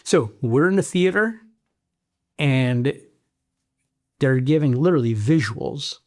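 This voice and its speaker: A middle-aged man from Chicago, a former Marine sergeant, telling a story in a blunt, animated way. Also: mid-range voice, takes it slowly. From South Side of Chicago, US. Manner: animated, blunt, acts out quoted voices. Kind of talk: casual storytelling interview.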